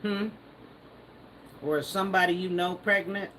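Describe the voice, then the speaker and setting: A woman's voice: lowish voice, normal speed, a bit bright, a little hiss or hum, poor audio. A woman hosting a live stream, casually reading viewer comments aloud and teasing them, laughing often. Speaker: livestream host.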